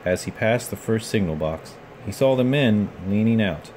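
A man with a fairly low voice reads a children's picture book aloud. His storytelling stays gentle and measured, with a faint hum in the background. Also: lively intonation.

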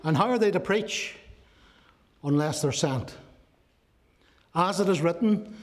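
A man preaching earnestly, slightly high voice. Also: unhurried, pauses often, darkish tone. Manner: earnest preaching with rhetorical questions. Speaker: pastor. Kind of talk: sermon.

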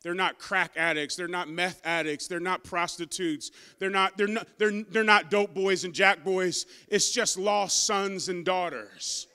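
A man preaching a sermon with a smooth, resonant voice that sits high for a man. He preaches emphatically and calls out to the people in front of him. When emotion rises, he repeats and restarts his words. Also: steady tone, measured pace, few pauses, bright, forceful tone. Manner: emphatic preaching with call-outs to the congregation. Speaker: pastor.

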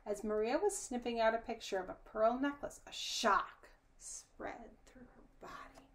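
A woman reading a children's storybook aloud, her narration soft and often dropping to a whisper. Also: on the high side, measured pace.

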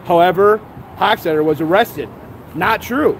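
A man's voice: high voice, unhurried, a little hiss or hum. A man reading court papers aloud outdoors, stumbling over the words and breaking off with laughing, sarcastic asides. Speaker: vlogger.

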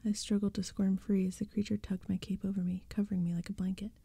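Whispered role-play reader: woman, husky, warm whisper, close mic. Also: medium pitch, little pitch movement, fast talker, no room sound. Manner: soft, breathy whispered reading. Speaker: ASMR storyteller.

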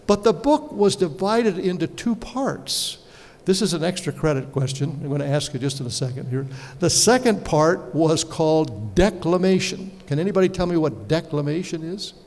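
A man's voice: fairly high pitch, lively intonation, normal speed, darkish tone. Man lecturing in a reverberant hall. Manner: storytelling with rhetorical questions to the audience. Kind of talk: conference lecture. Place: large hall. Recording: reverberant hall, faint background noise.

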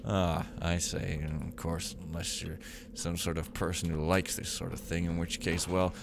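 A young man talks over his gameplay in a casual, rambling way, piling on sarcastic asides with a deadpan edge. His voice sits somewhat low. A faint hum of noise lies under the recording. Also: moderate pace, vocal fry. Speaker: let's play gamer.

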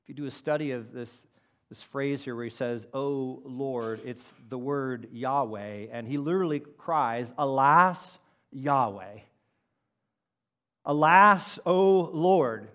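A man preaching a sermon as pastor, moving from loud emphatic lines to quiet low asides and acting out quoted words. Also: a little slow. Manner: acts out the prophet's quoted words.

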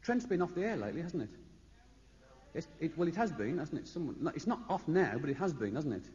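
Amid audience laughter in an echoey lo-fi concert recording, a stand-up comedian from Birmingham, England rambles through anecdotes and chats with the crowd from a large concert hall stage. His fairly high voice is fast and darkish, with big pitch swings.

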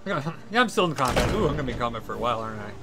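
A man's voice: mid-range voice, big pitch swings, racing. Casting: young male streamer, playful and giggly, loose gameplay chatter, game music underneath. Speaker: livestreamer. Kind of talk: casual gameplay commentary.

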